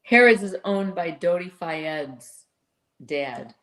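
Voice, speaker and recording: A woman co-hosting a casual podcast chat, teasing and quick to correct and suggest ideas. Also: fairly low pitch, lively intonation, a bit bright. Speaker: podcast co-host.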